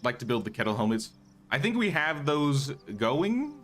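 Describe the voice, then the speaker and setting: A man's voice: medium pitch, sing-song, moderate pace, a bit bright, slight background noise. Chatty man streaming a game. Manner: chatty, thinks aloud, greets chat viewers. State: slightly losing his voice. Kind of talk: casual live-stream commentary.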